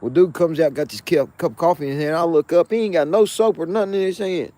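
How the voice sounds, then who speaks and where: A man hosting his own show, telling a jail story in a profane, slangy, animated way with frequent asides. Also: fairly high pitch, fast talker, no echo. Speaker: show host. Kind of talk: casual storytelling of a jail anecdote.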